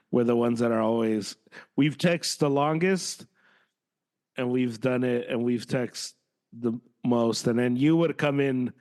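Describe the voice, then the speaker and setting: A man co-hosting a podcast in casual chat, animated and given to sudden jumps in pitch when exasperated. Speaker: podcast co-host.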